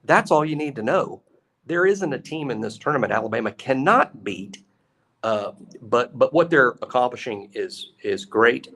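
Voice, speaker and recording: A man co-hosting a sports talk show, talking in an animated, emphatic way with a lot of repetition. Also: mid-range voice, moderate pace, creaky. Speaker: co-host.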